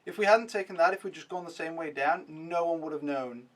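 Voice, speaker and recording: A man's voice: on the high side, a little fast, a bit bright, distant mic. Young man, casual vlog recap, rambling, self-mocking, swears, a bit off-mic. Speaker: vlogger.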